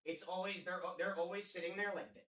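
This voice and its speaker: A man's voice: high voice, level tone, fast talker, pushed and bright. Laid-back man in an echoey room. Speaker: co-host. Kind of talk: casual chat on a live stream.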